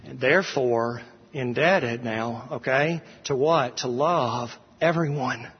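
A man's voice: mid-range voice, takes it slowly, slightly rough. A male pastor preaching an expository sermon in a church sanctuary, earnest and emphatic, repeating phrases for emphasis. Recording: dull recording with long hall reverb.

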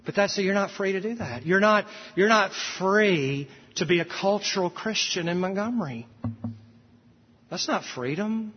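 A husky-voiced man preaching a sermon from the pulpit. His voice sits fairly high, and he stretches out the phrases that matter. The sound carries a long church-hall echo and is slightly muffled. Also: expressive. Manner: earnest preaching, slowing on key phrases. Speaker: pastor. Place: church sanctuary.

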